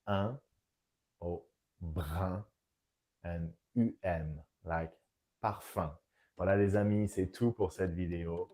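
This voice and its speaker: Slow, deep-voiced French-accented male teacher. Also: warm tone. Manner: slow, careful demonstration of sounds. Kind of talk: scripted pronunciation lesson.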